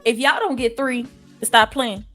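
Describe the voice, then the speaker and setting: A woman's voice: fairly high pitch, a little slow, faint music behind. A woman from the American South with a Southern accent tinged with Brooklyn, hosting a casual interview in a chatty, joking way. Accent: Southern American with some Brooklyn. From Southern United States. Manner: chatty, joking, animated asides. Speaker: podcast host.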